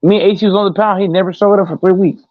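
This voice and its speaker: A man's voice: high-pitched, steady tone, rapid-fire. A man in a casual sports chat, mostly chiming in with short agreements. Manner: brief agreeing interjections. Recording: dull dry lo-fi audio.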